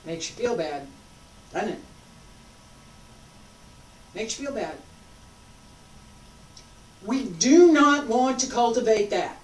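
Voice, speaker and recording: Slow, coaxing woman leading a qigong class. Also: mid-range voice, lively intonation, a little hiss or hum. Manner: slow, coaxing, drawn-out phrases with long pauses. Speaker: qigong instructor. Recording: roomy sound from a distant mic.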